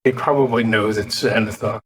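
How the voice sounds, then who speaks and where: A man's voice: on the low side, steady tone, brisk, husky. A man playing a tabletop game who talks in a laid-back, offhand way. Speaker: player. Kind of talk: casual tabletop play.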